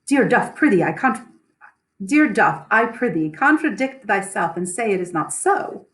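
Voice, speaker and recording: A woman's voice: medium pitch, very animated, a bit bright, echoey room. Woman reading a pleading, stricken nobleman. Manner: pleading, halting verse.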